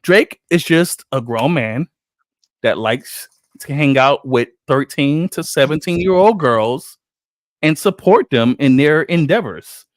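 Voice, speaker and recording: A man's voice: fairly high pitch, slow pace, dry recording, studio quality. A man hosting a casual podcast, telling stories and acting out other people's quotes in a joking, profane way. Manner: animated storyteller who acts out other people's quotes. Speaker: podcast host.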